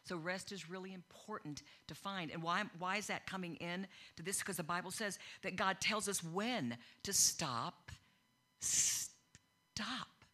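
A woman's voice: fairly low pitch, moderate pace, hardly any pauses, pushed and bright. A middle-aged woman giving a sermon built on her own story, telling it conversationally and acting out the voices she quotes. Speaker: speaker at a church gathering. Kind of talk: personal testimony sermon.

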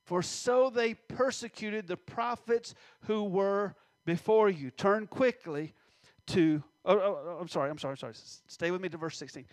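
A man preaching a sermon, reading scripture slowly and stressing words, with many questions to the congregation. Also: high voice, no room sound.

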